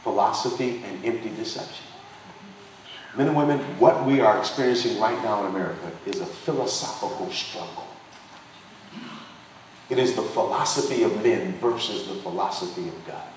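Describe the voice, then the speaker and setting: A man's voice: on the low side, moderate pace. A man preaching a passionate political sermon to a dinner crowd, driving his points home with repeated phrases and a preacher's cadence. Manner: emphatic preaching cadence with repetition. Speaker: pastor and congressional candidate. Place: potluck dinner hall. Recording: distant echoey room recording with faint noise.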